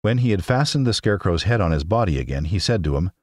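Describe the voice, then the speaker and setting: A man with a very deep voice reads a classic story with lively, expressive intonation. The recording is dry and close, with no room sound. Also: fast, hardly any pauses, no echo. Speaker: podcast narrator. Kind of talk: audiobook narration.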